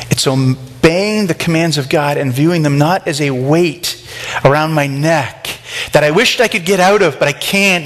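High-voiced man preaching conversationally. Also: a bit bright. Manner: conversational, rhetorical questions, acts out quoted voices. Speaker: pastor. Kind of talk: sermon.

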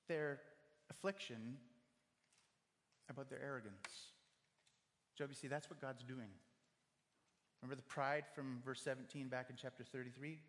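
A man's voice: medium pitch, fairly bright tone. A man preaching a sermon, earnest and direct, speaking to one listener at a time and acting out quoted voices. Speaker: pastor. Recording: long hall reverb.

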